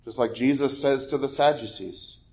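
A man preaching a sermon as pastor, conversational with fillers and self-corrections, then building to loud emphatic peaks before dropping low again. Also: moderate pace.

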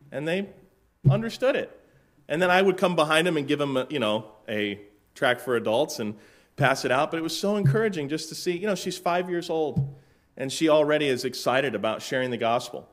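A man from Florida, a pastor in middle age, opens his sermon with a relaxed, chatty story. His voice is mid-range and easygoing, with dry asides and plenty of filler words. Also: mid-range voice, fairly quick. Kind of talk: casual sermon-opening story.

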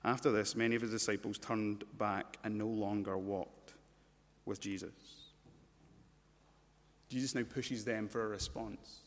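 A man preaching a sermon, emphatic, swinging between loud urgency and low intensity and repeating words as he builds a point. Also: level tone, measured pace, pauses often. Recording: long church-hall reverb.

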